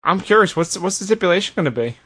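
A man hosting a casual podcast, recapping events in an animated, sarcastic way. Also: high-pitched, fast, breathy edge. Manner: animated, sarcastic retelling with put-on voices. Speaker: podcast host. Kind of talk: casual wrestling recap chat.

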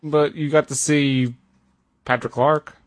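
A man's voice: a little high, fairly even intonation, slow pace. A man co-hosting a casual podcast, an eager fan who gets defensive. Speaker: podcast co-host. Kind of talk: casual wrestling chat.

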